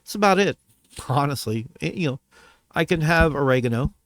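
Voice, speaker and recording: A man's voice: on the high side, lively intonation, fairly quick, a bit bright, no room sound. A man venting to his camera about a bad restaurant visit, heated and profane, repeating himself as he goes. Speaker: vlogger. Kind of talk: angry rant to camera.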